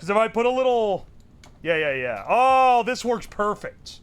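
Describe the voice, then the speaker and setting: A man's voice: sits high, big pitch swings, measured pace, smooth. A man streaming live, joking with his chat and thinking aloud while he builds something. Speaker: livestreamer. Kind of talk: casual livestream chat.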